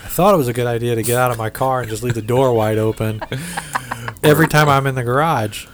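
A man's voice: medium pitch, fast talker, background noise. Profane joking Midwestern man. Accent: Midwestern American. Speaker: podcast host reviewing beers. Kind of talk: casual chat.

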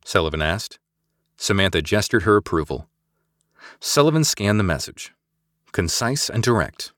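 Low-voiced man narrating expressively. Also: very animated, normal speed, fairly bright tone, dry recording, studio quality. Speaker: audiobook narrator. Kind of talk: scripted narration.

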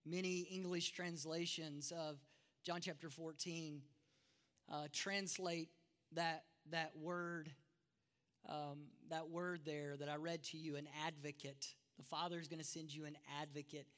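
A man's voice: on the high side, little pitch movement, a little slow, a bit bright. A man preaching a sermon as pastor, emphatic, with self-deprecating asides, in a church sanctuary. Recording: long reverb of a large hall.

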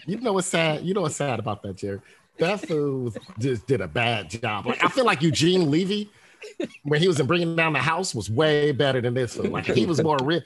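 A man's voice: fairly high pitch, sing-song, brisk, slight background noise. A man co-hosting a podcast, teasing and laughing in casual banter. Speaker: podcast co-host. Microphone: studio mic.

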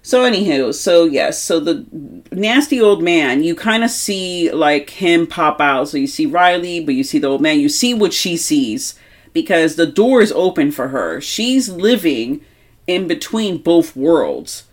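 With a deep voice and a slightly slow delivery, a young woman co-hosts a podcast about horror movies. Her casual talk is emphatic, lively, and full of curse words.

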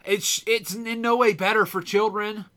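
A man's voice: sits high, fairly even intonation, normal speed, crowd noise. A man co-hosting a podcast in casual chat, rambling and self-mocking as he goes. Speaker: podcast co-host.

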